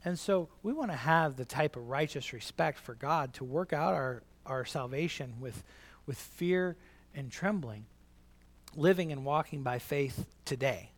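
A man preaching a sermon, animated and conversational, repeating his key line to the congregation. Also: a little high, a little slow. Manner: conversational, many restarts and asides. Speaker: pastor.

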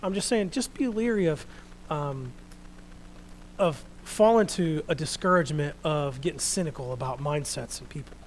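A middle-aged man preaching a sermon, earnest and animated, dropping to a hush for quoted words. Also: a little high, moderate pace, slight background noise, poor audio.

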